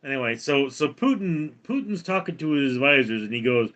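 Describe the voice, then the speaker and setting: A man hosting a casual livestream, rambling with halting restarts. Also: mid-range voice, very animated, a bit bright, highs cut off. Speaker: livestream host.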